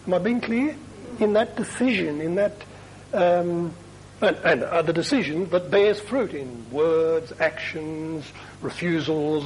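A man's voice: on the high side, a little mellow, slight background noise, rough recording. A man speaking as a priest to a group, chatty and self-deprecating, with emphatic asides and questions to his listeners. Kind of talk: talk to a parish group.

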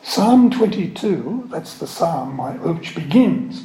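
This man's voice sits fairly high, with a sing-song lilt and a dark tone. He delivers a slow, explanatory sermon, breaking down words one at a time and stopping for the occasional aside. The sound is roomy and the recording rough.

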